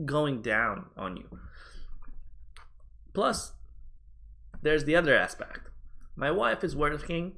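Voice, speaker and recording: A man's voice: medium pitch, pushed and bright. A man talking to his viewers in a loose, rambling vlog, chatty and swearing casually. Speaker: streamer and vlogger.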